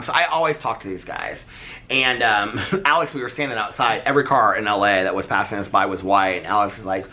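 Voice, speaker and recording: A man casually telling a story on his vlog, chatty and animated, acting out the dialogue as he goes. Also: fairly low pitch, brisk, a little hiss or hum. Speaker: vlogger.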